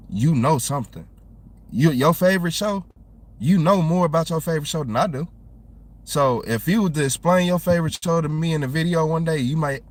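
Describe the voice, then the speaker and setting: Young southern guy rambling on his livestream, slangy, gets worked up and animated, mid pitch. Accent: Southern American. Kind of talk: casual livestream chat.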